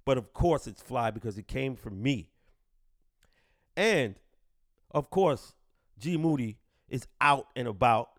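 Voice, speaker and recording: A man's voice: mid-range voice, lively intonation, takes it slowly, pauses often, dry recording, clean studio sound. A man hosting a podcast, talking in a brash, boastful, profane way. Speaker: podcast host. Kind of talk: profane casual commentary. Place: home studio in the Bronx.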